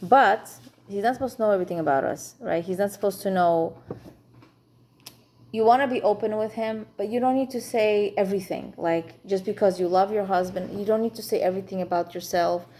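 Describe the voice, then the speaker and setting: A woman's voice: medium pitch, a little fast, dark tone. A woman teaching an informal class for women on marriage, chatty and frank, with humor.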